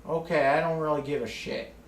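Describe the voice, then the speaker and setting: A man's voice: fairly high pitch, steady tone, fairly quick, roomy sound, a little hiss or hum. A man ranting casually to camera in a rambling way, swearing often and restarting his sentences. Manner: rambling, profane, many restarts and fillers. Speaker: vlogger.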